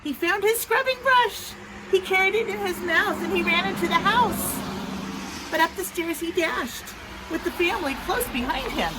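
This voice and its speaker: A woman teacher reading a picture book aloud to young children outdoors in the rain, in an expressive, sing-song storytelling manner. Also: extremely high pitch, normal speed. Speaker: preschool teacher. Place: outdoors in the rain near a road. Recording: traffic noise from passing trucks.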